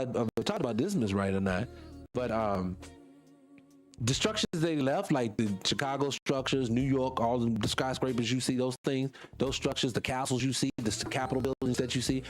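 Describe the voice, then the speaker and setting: A man from North Carolina, hosting a casual livestream and answering viewer comments in a rambling, heated, emphatic way. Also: a little high. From North Carolina, USA. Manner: rambling, heated and emphatic, loses his train of thought. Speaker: livestream host.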